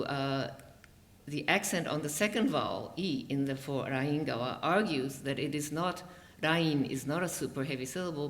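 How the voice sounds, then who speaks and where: Academic giving a conference talk, steady mid pitch, lots of ums, careful explaining. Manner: measured, frequent um and uh fillers; explanatory, spells out examples. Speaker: conference presenter. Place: university lecture room.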